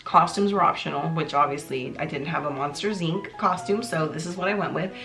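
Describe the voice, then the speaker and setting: Woman vlogger, low pitch, chatty and joking, music playing under her. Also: brisk. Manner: bubbly, chatty, jokey, with many fillers. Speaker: YouTuber host. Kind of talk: casual chat to camera. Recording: clear background music under the voice. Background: music playing in the background.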